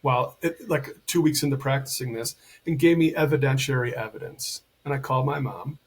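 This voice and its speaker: A man's voice: medium pitch, fairly quick, husky. A middle-aged man, a podcast guest and healer, chatting casually and animatedly acting out the voices in his stories. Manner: animated storyteller, acts out quoted dialogue. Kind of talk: casual conversation.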